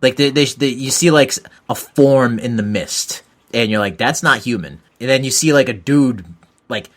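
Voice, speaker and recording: A man's voice: medium pitch, normal speed, a bit bright. A man co-hosting a podcast in casual chat, blunt and heavy on swearing. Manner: profane, blunt, laughs at own jokes. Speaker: podcast co-host.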